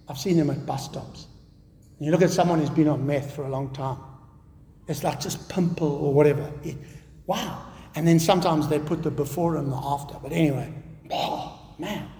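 Animated high-voiced man preaching a sermon. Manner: emphatic, animated, with conversational asides. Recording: long reverb of a large hall.

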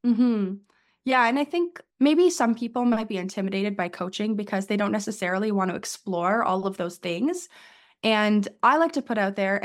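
A woman life coach speaking as an interview guest, explaining her approach and acting out the inner voices of her clients. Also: medium pitch.

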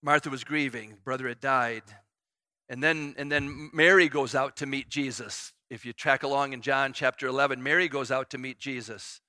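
Bright-toned middle-aged male pastor preaching. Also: mid-range voice, fairly even intonation, moderate pace, no room sound. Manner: earnest, repeats phrases, voice rises and falls with emphasis. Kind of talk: sermon.

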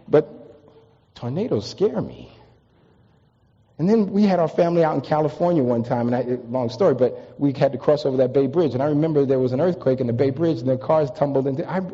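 A high-voiced man from the East Coast preaches a sermon with mellow warmth, mixing humor into his stories and rising to emphatic peaks. His voice carries a long reverb from a large hall, and the recording sounds a little dull and lo-fi. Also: a little fast, husky. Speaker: pastor.

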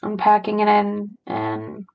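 A young adult woman speaks alone into her podcast mic, reflecting on her feelings. She talks in a halting, searching way, full of sighs and fillers, and her mid-pitched voice has a strong vocal fry. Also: sing-song, lo-fi sound. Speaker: podcast host. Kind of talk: personal reflective monologue.

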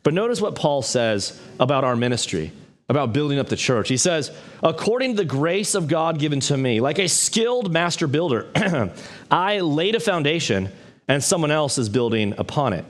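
A man in his twenties or thirties, a pastor, preaching in a church in a conversational, animated way with bits of humor. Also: a little high, moderate pace. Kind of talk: sermon.

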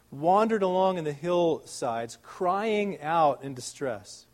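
A man preaching a sermon in an earnest, conversational way, stressing key words loudly and drawing others out softly, with rhetorical questions to the listeners. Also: fairly high pitch. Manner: earnest, emphatic, with swings between loud stresses and soft, drawn-out words.

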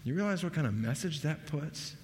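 A man preaching a sermon, animated, his voice rising emphatically on key points. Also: fairly high pitch, a little fast, slight background noise. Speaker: pastor. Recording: long hall reverb.

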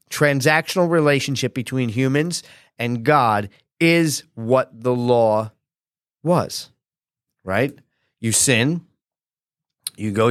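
A male pastor teaches a sermon in a relaxed, conversational style, frequently tossing tag questions to his listeners and acting out quotes with animation. His voice is at an ordinary middle pitch, and the sound is close and dry with no room echo.

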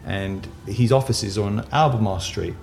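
Gravelly-voiced man telling stories. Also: on the low side, normal speed, slight background noise. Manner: animated storyteller. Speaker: tailoring business co-founder. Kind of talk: conversational anecdote telling.

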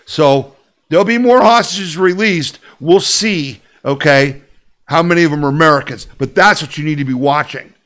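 A man hosts an opinion podcast, his fairly high, fairly bright voice moving at a normal speed. He argues emphatically and combatively, repeating his points and throwing rhetorical questions at the listener.

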